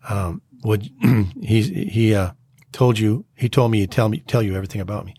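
An American man telling his life story as an interview guest, earnest and halting. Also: on the low side, expressive, dark tone, breathy edge, no room sound. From United States. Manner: earnest, halting, acts out quoted dialogue. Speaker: guest sharing his testimony.

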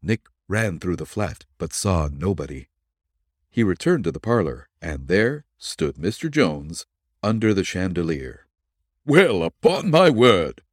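A man narrating an old detective serial for a podcast, in measured storytelling with lively inflection. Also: low voice, no room sound, studio quality. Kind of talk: dramatic audiobook narration.

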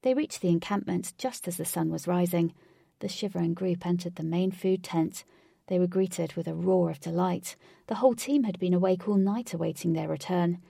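A woman narrating a story in a measured, soft-spoken way. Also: on the low side, gravelly, husky, dry recording, clean studio sound.

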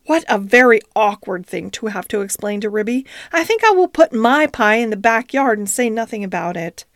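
A woman's voice: fairly high pitch, expressive, normal speed, dry recording, studio quality. A woman voicing a fretful, genteel female dog in a storybook reading. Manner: worried, fussy storytelling voice.

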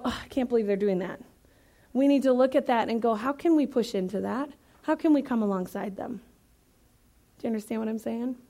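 Woman from Iowa, high voice, guest preacher; chatty, funny, emphatic sermon delivery. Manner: lively, conversational, joking, emphatic. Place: church.

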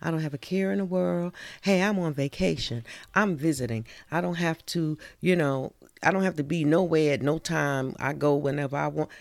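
A woman's voice: sits low, moderate pace, vocal fry, few pauses, no echo. A woman with a New York accent voicing a carefree, oblivious tourist who strolls along humming. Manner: lilting, humming la-la, dreamy and unbothered.

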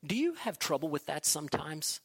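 A man preaching, telling an illustration story in an unhurried way and posing questions to his listeners. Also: a little high, sing-song, gravelly, fairly bright tone, husky.

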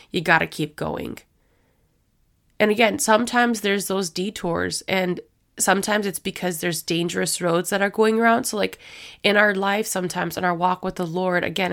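A woman's voice: on the low side, creaky, fairly bright tone. A woman hosting a faith-based podcast, talking in a chatty, rambling way and acting out little quoted voices as she goes. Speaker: podcast host.

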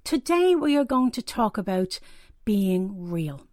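A woman's voice: medium pitch, sing-song, slow pace, darkish tone, no echo, studio quality. Candid, self-deprecating woman presenter. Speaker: weekly reflection presenter. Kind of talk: personal reflective talk.

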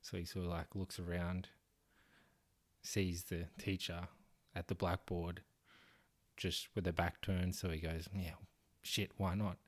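A man's voice: deep voice, level tone, unhurried, pauses often. A man hosting a podcast, telling a story in a casual, self-deprecating way and swearing freely. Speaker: podcast host.

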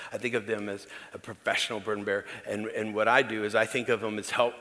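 A man's voice: lowish voice, pushed and bright. A middle-aged man, a pastor, preaching a candid, conversational sermon that speaks directly to the congregation. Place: church hall. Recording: long church-hall reverb.

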